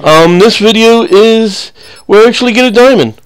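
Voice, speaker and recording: A man's voice: high voice, moderate pace. A young man giving casual, rambling commentary over his own gameplay, full of crude jokes and banter. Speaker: gaming channel host.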